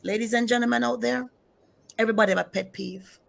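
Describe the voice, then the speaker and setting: A woman's voice: fairly high pitch, steady tone, fast talker, vocal fry. A middle-aged woman pastor telling her personal testimony in an interview, emphatic, repeating key phrases and speaking straight to her listeners.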